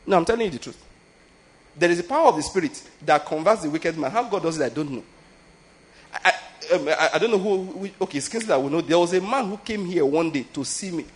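A man's voice: on the high side, lively intonation, quick pace, husky. A man, preaching a conversational sermon and often asking listeners whether they get his point. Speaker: pastor.

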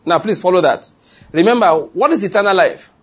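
Male preacher, high-pitched, repetitive teaching delivery in a sermon. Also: animated, brisk, breathy edge. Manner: teaching, reads scripture aloud with emphatic repetition.

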